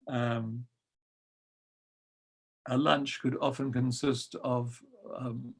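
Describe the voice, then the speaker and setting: An older man recalls his past in an unhurried, gently amused way, filling pauses with soft ums. His voice carries a gravelly edge at a middling pitch. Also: little pitch movement. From New Zealand. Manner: gentle, wry storytelling with frequent ums. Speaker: guest storyteller. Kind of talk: reminiscing anecdote.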